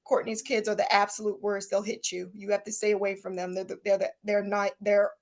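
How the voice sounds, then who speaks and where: A woman's voice: mid-range voice, level tone, brisk. A young woman co-hosting a podcast, chatting casually and animatedly, often laughing and mocking people in her impressions. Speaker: podcast co-host. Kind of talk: casual gossip chat.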